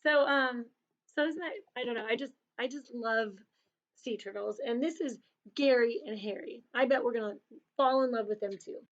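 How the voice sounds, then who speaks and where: A woman tells children a story in a casual, chatty way, with a slightly high voice. She is animated and acts out little voices when she quotes someone. The recording sounds dull and lo-fi. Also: moderate pace.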